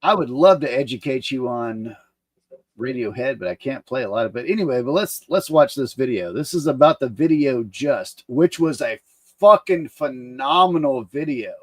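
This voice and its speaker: A man streamer chatting casually and reacting to a video, swearing freely and getting excited. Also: medium pitch, normal speed, no echo.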